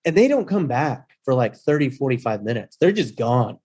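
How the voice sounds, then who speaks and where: A man of Mexican heritage, a rental-business guest on a podcast, telling a story in a playful, animated way with acted-out quotes. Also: mid-range voice, moderate pace, husky. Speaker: guest, short-term rental host. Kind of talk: casual storytelling.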